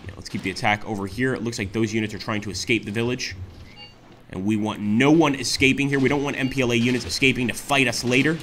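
Excitable man narrating a war game. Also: medium pitch, fast talker, a little hiss or hum. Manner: excitable, exclaims often, addresses viewers as guys. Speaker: gaming channel host. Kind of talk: let's play commentary.

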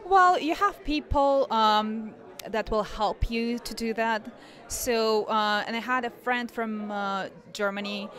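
An actress with a Russian accent, a native Russian speaker from Siberia, answering interview questions in a soft, earnest way. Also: female voice, on the high side, takes it slowly.

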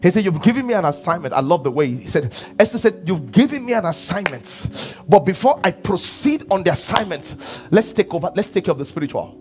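High-voiced Nigerian pastor preaching. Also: male voice, expressive, brisk, hardly any pauses, soft background music. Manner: preaching with call-and-response questions and swings from hushed to shouting. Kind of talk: sermon.

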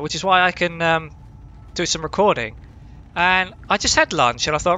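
A man hosting a casual let's-play from home, excitable, jumpy and heavily profane. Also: a little high, a little fast, lo-fi sound. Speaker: gaming channel host.

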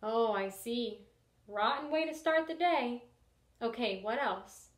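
A woman voicing a patient old grandfather who teaches meditation, gentle and unhurried. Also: on the high side, expressive. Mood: calm. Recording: roomy echo.

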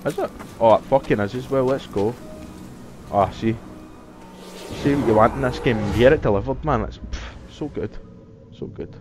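A young man giving live gameplay commentary, excitable and profane, yelling and cheering at the game. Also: mid-range voice, moderate pace, pauses often, noisy background. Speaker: gamer. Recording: voice over loud game music.

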